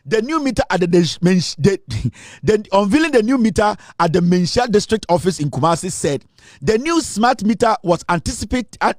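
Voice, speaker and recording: High-voiced mocking Ghanaian man. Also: sing-song, moderate pace, no echo, studio quality. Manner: mocking, sarcastic, laughs often; stumbles while reading news aloud. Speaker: political commentator. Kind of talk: live online commentary.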